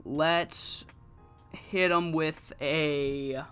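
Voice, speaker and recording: A streamer giving casual, rambling commentary while playing a wrestling management game, cursing freely and breaking into excited rants. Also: mid-range voice, very slow, clean tone, soft background music.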